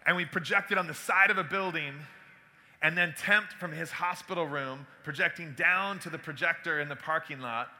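A man with a very bright, forward voice, pitched a bit high for a man. He tells his story to an audience with animated energy, acting out the conversations. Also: moderate pace. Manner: animated, acts out dialogue. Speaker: speaker giving a talk.

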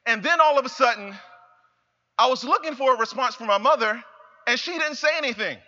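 A young man giving an emphatic motivational speech, repeating phrases and building up to shouts. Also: very high voice, animated, fairly quick. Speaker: motivational speaker. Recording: reverberant hall, slightly dull sound.

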